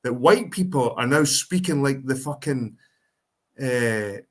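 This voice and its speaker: A man's voice: medium pitch, expressive, takes it slowly. A man from England, ranting in a casual chat and swearing heavily. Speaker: podcast guest.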